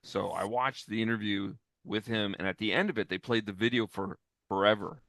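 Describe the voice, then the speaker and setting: A man's voice: lowish voice, steady tone, fairly quick, fairly bright tone, dry recording. A man in his fifties from Canada, an author answering interview questions with careful, detailed memories and some hesitation.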